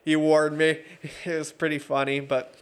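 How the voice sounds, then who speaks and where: A man in his thirties who referees and judges MMA sits as a guest on an interview show, swapping stories casually with laughter and many fillers. He speaks monotone at a normal speed in a smooth, fairly high voice.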